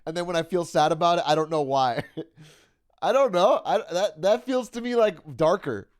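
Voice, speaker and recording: A man's voice: a little high, moderate pace. A young adult man streaming, chatting casually with his viewers and reading out their messages, laughing often and swearing freely. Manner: animated, laughing, swears often, reads out chat.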